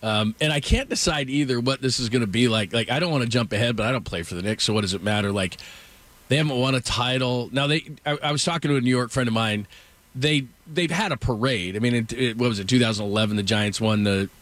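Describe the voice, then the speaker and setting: A man's voice: medium pitch, fast, a bit bright, no echo. Man, middle-aged, sports talk host, rambling, dry studio sound. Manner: rambling storyteller with frequent asides.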